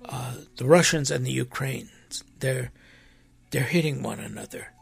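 A man's voice: mid-range voice, normal speed, no echo. A man who preaches, talking earnestly in a conversational way, with emphatic rises. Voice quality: gravelly, husky. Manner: earnest, emphatic, with animated rises and quoted voices. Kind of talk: impassioned conversational talk.

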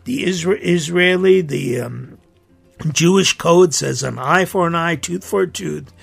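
Gravelly, husky-voiced priest, impassioned. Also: male voice, on the high side, unhurried, faint music behind. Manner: earnest and indignant, emphatic. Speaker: priest and podcast host. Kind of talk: impassioned podcast monologue.

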